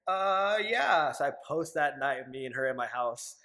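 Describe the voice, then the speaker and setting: A young man in his twenties talks as a guest in a casual interview. His voice sits at an ordinary middle pitch. He tells his stories candidly, swears freely, and acts out the things he once said. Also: steady tone, a little fast, fairly bright tone. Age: 20s. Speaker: podcast guest.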